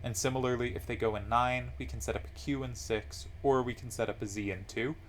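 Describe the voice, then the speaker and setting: Man calmly breaking down card game moves. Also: on the low side. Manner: analytical, explains moves step by step with frequent ums. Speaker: tournament commentator. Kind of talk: game analysis commentary.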